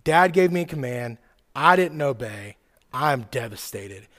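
A man in his thirties preaching a sermon to a live church audience, telling personal stories casually with lots of "like" and "right?", dropping soft and quiet then rising loud and excited. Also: mid-range voice, measured pace. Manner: conversational storytelling, fillers like "like" and "right?". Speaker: youth pastor.

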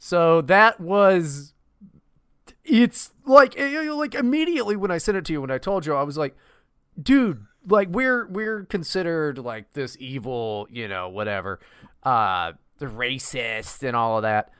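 On a podcast, a male co-host chats casually, mocking things with plenty of swearing in a profane, animated way. His voice is smooth, a little high and a little slow, captured dry in a clean studio.

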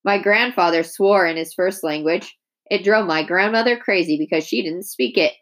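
A gruff older recluse speaks in a blunt, dry, matter-of-fact way, as a woman reads her aloud. She sounds slow and unbothered. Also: on the low side, a bit bright. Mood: wry.

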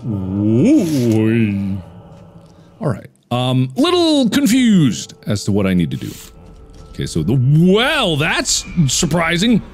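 A man's voice: mid-range voice, huge pitch swings, takes it slowly, faint music behind. A man hosting a horror game let's play, talking to himself, jumpy and reacting with frantic repeats and swearing. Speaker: gaming channel host.

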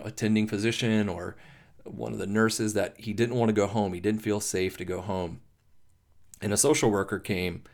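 A man hosting a podcast, talking through grief in a halting, emotional monologue, swearing and restarting often. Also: on the low side. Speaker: podcast host. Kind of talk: personal reflective monologue.

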